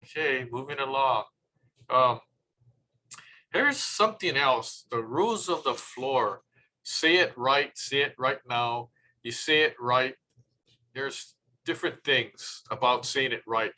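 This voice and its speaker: A man presenting tips on public speaking in a relaxed, chatty way, acting out little quoted remarks. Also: medium pitch, slow, a little hiss or hum, low-quality recording.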